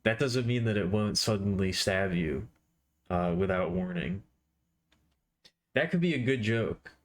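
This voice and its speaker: A man's voice: lowish voice, lively intonation, unhurried. A man streaming live while he draws, chatting casually and playfully with viewers. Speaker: art streamer.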